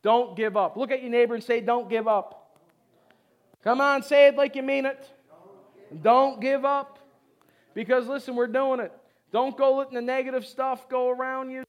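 A pastor preaching to a congregation, urging them on in short repeated phrases and asking them to answer back. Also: male voice, very high-pitched. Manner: exhorting, call-and-response with the congregation. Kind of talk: sermon. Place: church service before a congregation.

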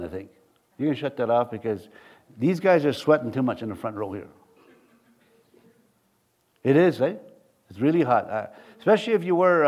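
Speaking in a mid-range voice, a middle-aged man delivers a conversational sermon to his church congregation. He rambles and jokes, frequently laughing at his own stories.

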